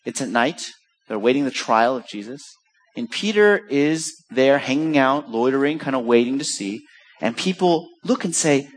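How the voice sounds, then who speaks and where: A man preaching a sermon, telling a story with lively acted-out quotes. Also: medium pitch, normal speed. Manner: animated storytelling, acts out quoted voices. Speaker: pastor.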